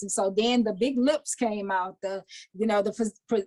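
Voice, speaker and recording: A woman in her fifties with a Southern Louisiana accent, talking as a guest in a casual interview, animated and often repeating words as she restarts. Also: mid-range voice, moderate pace. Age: 50s. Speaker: guest, author and minister.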